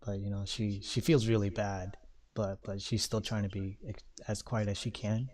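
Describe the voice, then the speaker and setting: A man running a tabletop role-playing game as game master, narrating the scene in a loose, halting way full of fillers. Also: fairly low pitch, little pitch movement, darkish tone.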